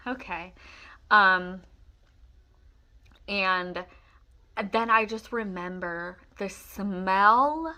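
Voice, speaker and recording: A woman's voice: mid-range voice, very slow, long pauses, pushed and bright. A young woman casually telling her own story to the camera, emotional and rambling, with many fillers and restarts.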